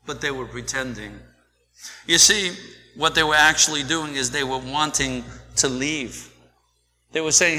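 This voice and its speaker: Male preacher, bright forceful tone, slightly high voice, sermon style. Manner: slow preaching, swings from soft to loud. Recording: long hall reverb.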